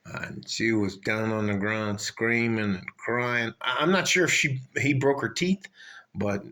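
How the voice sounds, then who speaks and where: An older man tells a long, digressive story, swearing freely and losing his thread. He talks slowly and deliberately. His voice has a bright, tense edge. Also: medium pitch. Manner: profane, rambling, digressive. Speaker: vlogger. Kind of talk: rambling storytelling rant.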